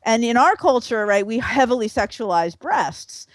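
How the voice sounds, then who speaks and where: A woman with a fairly high voice that swings widely in pitch, speaking as a guest academic. She talks in an animated, loose way, full of fillers and restarts. The sound is dry and close. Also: moderate pace, dry recording. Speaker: guest sociologist. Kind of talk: casual interview talk.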